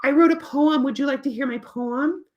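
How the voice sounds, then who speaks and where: A woman's voice: high-pitched, moderate pace, a little mellow, highs cut off, slight background noise, voice pushed up, natural voice. A woman voicing a cheerful, stubborn boy puppet who boasts and chants in a sing-song way. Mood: insistent.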